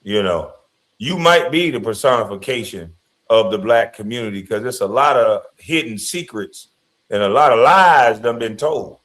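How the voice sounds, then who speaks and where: A man's voice: medium pitch, animated, moderate pace, fairly bright tone. A male commentator with an ordinary mid-range voice delivers blunt, preachy judgments in a casual commentary style.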